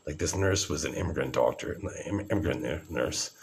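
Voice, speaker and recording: A man's voice: rumbling low, brisk, creaky. A man in his forties talking to camera in an agitated, rambling, profane monologue. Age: 40s.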